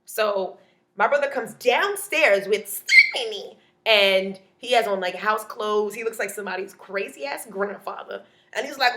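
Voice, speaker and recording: A woman, a comedian telling a stand-up story in a playful, animated way, acting out other people's voices. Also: on the high side, measured pace.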